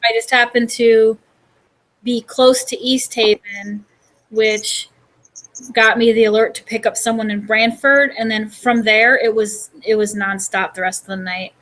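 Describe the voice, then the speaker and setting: A woman hosts her own vlog in easy, casual chat. Her voice sits a bit higher than most. She rambles along and leans on filler words. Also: steady tone, a little slow, fairly bright tone, low-quality recording. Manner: chatty, rambling with many fillers. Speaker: vlogger and host.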